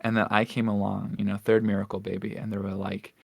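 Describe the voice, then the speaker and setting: A young man with a low, gravelly voice co-hosts a casual podcast chat. He talks in a flat, even way and keeps looping back with fillers and restarts. The sound is dry and close to the mic. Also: quick pace, no echo. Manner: rambling, many fillers and restarts. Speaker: podcast co-host.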